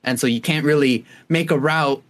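A man's voice: fairly high pitch, moderate pace, fairly bright tone. Rambling young man on a podcast. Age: young adult. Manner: rambling, lots of fillers and restarts. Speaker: podcast co-host. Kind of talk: casual chat.

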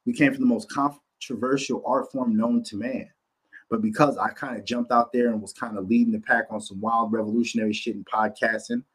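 A man hosting a podcast from his home office, ranting bluntly and profanely in a casual, animated way. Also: fairly low pitch, slightly rough, low-quality recording. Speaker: podcast host. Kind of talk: casual rant to camera.

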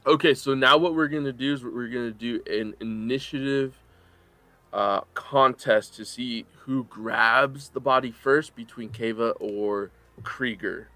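A man's voice: mid-range voice, a little slow, pushed and bright, dry recording. A young man acting as game master, casually explaining rules with fillers and laughs. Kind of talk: running a tabletop game.

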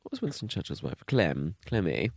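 Man, low lively voice, teasing podcast co-host, dry close sound. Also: moderate pace, creaky, no echo. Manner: playful, teasing, animated. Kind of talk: casual chat.

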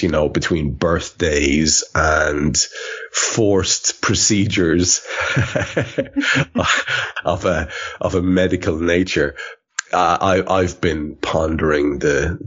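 Deep husky man hosting a podcast. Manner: rambling, full of fillers and swearing. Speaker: podcast host. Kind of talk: casual podcast chat. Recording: dull lo-fi podcast audio.

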